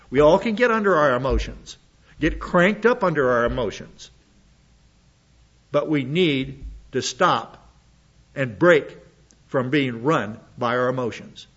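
A man's voice: a little high, a bit bright, highs cut off. Blunt, sarcastic man preaching a sermon. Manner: blunt, sarcastic commentary on scripture. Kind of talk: expository sermon.

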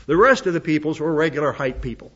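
A man's voice: a little high, expressive, quick pace, a bit bright, husky, dull audio. Blunt, sarcastic man preaching a sermon. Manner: blunt, sarcastic commentary on scripture. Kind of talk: expository sermon.

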